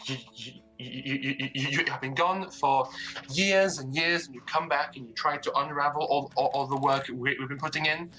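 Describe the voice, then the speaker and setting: A man voicing a weary, agitated mother who stammers and rushes her words. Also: mid-range voice, steady tone, pushed and bright, faint music behind, close to an everyday voice, poor audio. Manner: stammering, rapid.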